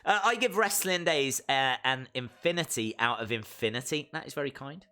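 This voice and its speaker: A man's voice: medium pitch, animated, normal speed, sharp tone. A man hosting a live reaction stream, chatting playfully and reading viewer comments aloud.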